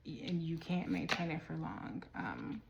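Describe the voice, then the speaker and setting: A woman's voice: low-pitched, animated, a little slow, gravelly, dull audio, heavy background noise. A woman giving a casual tarot reading while out of breath, rambling and restarting her sentences, sometimes dropping to a whisper. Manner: rambling, restarts and trails off mid-thought. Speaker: tarot reader.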